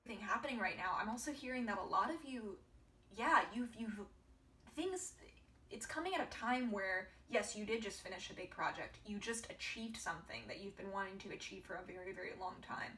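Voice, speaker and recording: A woman giving an earnest, encouraging tarot reading to her viewers, often dropping into soft half-whispered asides. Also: mid-range voice, animated, fairly quick. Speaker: tarot reader. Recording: roomy, distant mic with faint background hiss.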